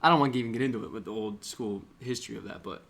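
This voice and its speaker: A young man co-hosting a casual podcast, rambling and joking as he tells animated stories. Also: medium pitch, very fast, creaky. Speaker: podcast co-host. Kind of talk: casual chat. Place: small room.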